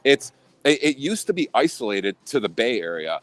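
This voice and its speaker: A man's voice: mid-range voice, big pitch swings, normal speed, fairly bright tone. A man from Illinois talking in a casual chat as a podcast guest, blunt and profane, with many restarts.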